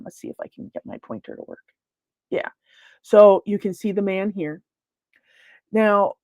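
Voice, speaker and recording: A woman's voice: mid-range voice, darkish tone, no room sound. A woman paranormal investigator giving an informal virtual lecture, talking conversationally with many fillers and restarts. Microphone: computer mic on a video call.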